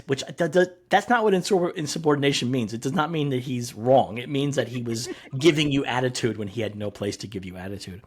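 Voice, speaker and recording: A man's voice: medium pitch, fairly quick, few pauses, husky. A man co-hosting a podcast, chatting casually about comics, swearing freely and acting out quotes. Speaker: podcast co-host. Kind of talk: casual comic-book discussion.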